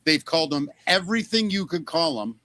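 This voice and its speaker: Man, podcast co-host, high voice, bright tone, fiery sarcastic rant. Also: expressive, a little fast, no room sound. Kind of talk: heated political podcast talk.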